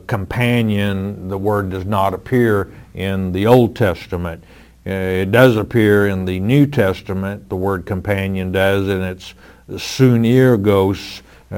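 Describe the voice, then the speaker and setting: A man with a lowish voice answers listener questions about scripture. He speaks very slowly and deliberately, firm and matter-of-fact, in a radio Bible teaching style. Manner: slow, measured, firm and plain-spoken.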